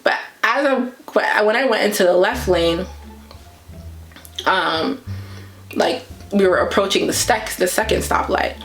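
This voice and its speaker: A woman's voice: medium pitch, a little slow, long pauses, roomy sound, soft background music. A woman vlogger casually telling a story, acting out her own reactions as she goes. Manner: animated retelling that acts out her own reactions.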